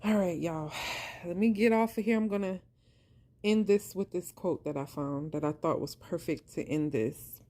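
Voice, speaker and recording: Her voice is lowish and mellow, at normal speed, as she passionately recounts faith and the abuse she survived. The vlogger preaches her heartfelt faith-based monologue, repeating for emphasis and addressing everyone as "y'all." She sounds worn thin and on the verge of tears.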